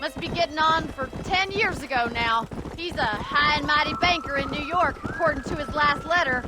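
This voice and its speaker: Woman doing a blunt high-voiced ranch gal in a western game, lots of noise behind. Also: moderate pace, close to an everyday voice. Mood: worried. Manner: blunt, scornful. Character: spirited frontier ranch woman, outspoken. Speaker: rancher's daughter. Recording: game audio over loud noise.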